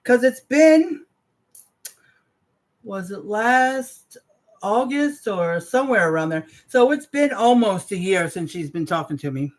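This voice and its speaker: On a livestream, a woman in her forties chats casually in an expressive, unhurried mid-range voice. She greets viewers and drifts into trailing asides.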